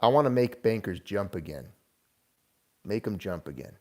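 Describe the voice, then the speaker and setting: A middle-aged man hosting a casual livestream, rambling and animated as he rails against bankers. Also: lowish voice, moderate pace. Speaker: channel host.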